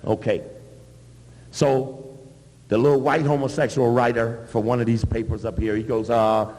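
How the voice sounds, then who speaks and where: A man giving an animated, emphatic public talk with blunt asides. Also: medium pitch, normal speed, long reverb tail. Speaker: public speaker.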